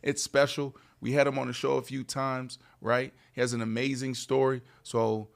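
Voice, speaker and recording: Gravelly-voiced man co-hosting sports talk. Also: medium pitch, little pitch movement, normal speed. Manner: playful teasing, laughs often. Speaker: co-host. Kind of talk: casual sports chat.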